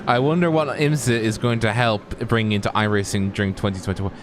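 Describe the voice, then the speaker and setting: A man's voice: lowish voice, fairly even intonation, a little fast, noisy background. An Irish man co-commentating a sim racing livestream with dry, teasing quips.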